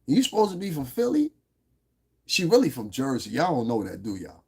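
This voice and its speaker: Gravelly, husky-voiced man on a livestream. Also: on the high side, big pitch swings, brisk, a little mellow. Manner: profane, blunt, talks straight to his chat viewers. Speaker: livestream host. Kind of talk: unscripted livestream chat. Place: lives in Las Vegas.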